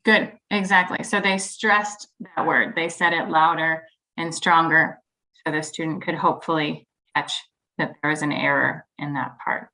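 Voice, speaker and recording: A woman's voice: sits low, fairly even intonation, measured pace, pushed and bright, low-quality recording. A woman leading an online teacher-training workshop, explaining patiently with frequent ums and modeling example sentences.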